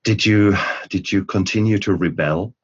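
A man interviewing a guest, asking probing questions in a measured, thoughtful way. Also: on the low side, a little hiss or hum. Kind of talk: conversational interview. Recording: dull lo-fi sound.

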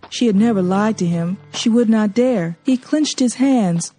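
A woman reading a novel aloud as an audiobook narrator, measured and expressive. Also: medium pitch. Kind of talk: storybook reading.

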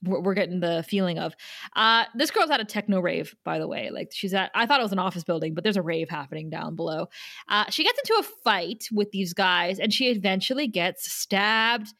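A woman's voice: medium pitch, expressive, bright, forceful tone, dry recording, clean studio sound. A woman co-hosting a podcast, casually recapping an episode with chatty asides. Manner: chatty retelling, quick asides. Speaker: podcast co-host.

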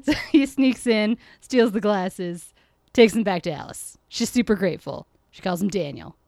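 A woman talks casually on a podcast, summing up an episode and breaking into laughs often. Her voice sits at an ordinary pitch and sounds dry, with little room around it. She plays out little quotes as she goes. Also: expressive, moderate pace, darkish tone, no room sound. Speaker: podcast co-host. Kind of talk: casual chat recapping an episode.

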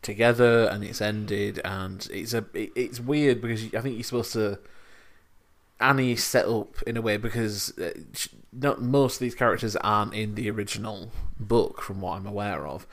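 A man's voice: lowish voice, fairly even intonation, normal speed. A man co-hosting a casual film podcast, thinking aloud as he searches for words. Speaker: podcast co-host.

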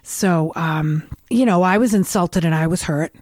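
A woman's voice: fairly low pitch, measured pace, a little mellow, no echo, studio quality. A middle-aged woman with a New England accent telling candid, rambling stories in a casual conversation. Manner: rambling, candid storytelling with restarts.

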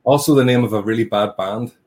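This man is a guest on a relaxed interview, and his voice sits a little low. He chats easily and tells anecdotes with a wry, self-mocking humor. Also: fast talker. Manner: joking, self-deprecating storyteller. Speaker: tea business owner, guest. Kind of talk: casual interview chat.

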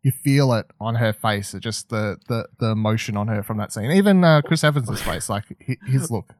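A man's voice: fairly low pitch, normal speed, dry recording. A man co-hosting a casual film podcast, rambling and swearing freely as he acts out lines. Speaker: podcast co-host.

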